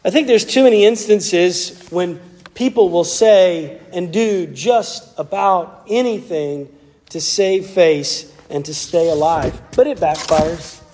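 A Southern American pastor delivers an earnest, conversational sermon. His voice sits notably high for a man. It rings out with the long reverb of a large church sanctuary. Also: slow pace, a little mellow.

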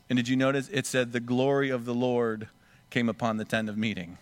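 A man's voice: mid-range voice, little pitch movement, fairly quick, smooth, dry recording. A man preaching a sermon, acting out the scripture voices dramatically. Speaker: pastor.

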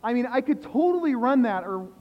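Male pastor, high voice, preaching to a church, quizzes the crowd, soft then loud, long reverb. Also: animated, fairly quick. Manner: asks the congregation questions, swings from hushed to loud emphasis. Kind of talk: sermon. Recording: echoey hall, dull lo-fi sound.

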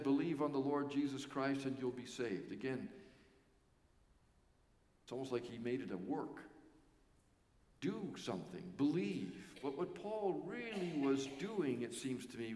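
A male pastor preaching a sermon with earnest emphasis and pauses that let key words land. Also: on the high side, a little mellow. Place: church sanctuary. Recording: echoey church hall.

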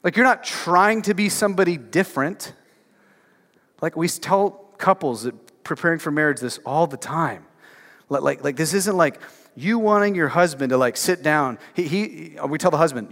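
In a church sanctuary with long hall reverb, a male pastor preaches a casual, conversational sermon, using many filler words and firing emphatic rhetorical questions at the congregation. His fairly high voice has lively intonation, a moderate pace, and a slightly bright quality.

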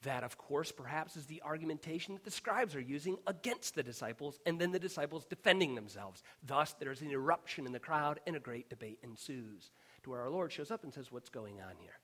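A man preaching a sermon as pastor, earnest and emphatic, sometimes dropping to a hushed whisper on key words. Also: a little high, lively intonation, fairly quick.

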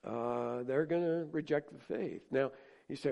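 A male pastor delivers a sermon with earnest conviction, his mid-pitched voice carrying a gravelly edge. He swells into emphatic points, then drops to softer, confiding tones. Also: moderate pace, dull audio. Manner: earnest preaching, rising emphatic and dropping soft.

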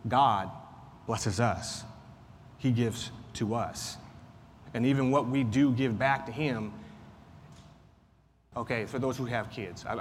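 Man, Sunday school teacher, chatty Bible lesson, lingering reverb and faint hiss. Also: medium pitch. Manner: conversational, repeats points, frequent fillers. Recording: faint noise, long room reverb.

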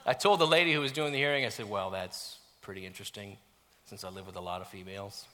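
A middle-aged man preaching a sermon as a pastor, animated and self-mocking, dropping to near-whispers at times. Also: fairly low pitch, fast talker. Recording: long reverb of a church hall.

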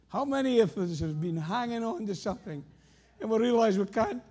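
A man's voice: sits high, expressive, fairly quick, a little mellow, slightly rough. A Scottish man preaching a sermon, telling anecdotes and stories with rising emphasis.

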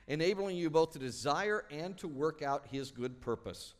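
A man's voice: fairly high pitch, lively intonation, normal speed. A middle-aged man preaching a sermon, telling stories and acting out the people in them. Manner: storytelling, acts out quoted voices. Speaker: pastor.

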